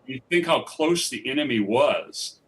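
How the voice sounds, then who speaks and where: A man talking about his documentary on a theatre stage, his voice picked up from a distance. He rambles eagerly through his stories, restarting his sentences often, at a middling pitch. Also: expressive, measured pace. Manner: rambling, enthusiastic storytelling with many restarts. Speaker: documentary filmmaker guest. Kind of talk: live festival interview.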